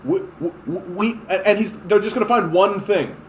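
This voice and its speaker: A man's voice: high voice, normal speed. A man hosting a political podcast, ranting casually with exasperation and frequent swearing. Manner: animated and exasperated, swears often, frequent fillers. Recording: echoey room, faint hiss.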